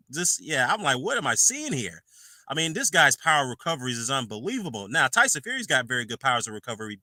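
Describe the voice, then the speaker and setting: A man's voice: fairly high pitch, no echo. A man casually reviewing a boxing fight, rambling and incredulous, with lots of fillers and self-corrections. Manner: animated, incredulous, quotes fighters in raised voice. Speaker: boxing commentator, channel host.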